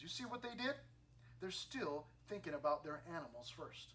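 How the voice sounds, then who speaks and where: A man preaching a youth sermon on a scripture passage, animated and playful, acting out everyday scenes for teens. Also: a little high, normal speed, slight background noise. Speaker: youth pastor.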